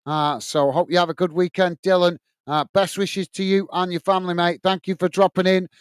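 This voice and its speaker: A man's voice: sits high, flat delivery, fairly quick, clean tone, dry recording. Friendly man hosting a stream. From England. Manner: friendly, repetitive sign-offs with many "uh" fillers. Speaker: watch-along stream host. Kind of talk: casual live-stream chat, reading out viewer comments.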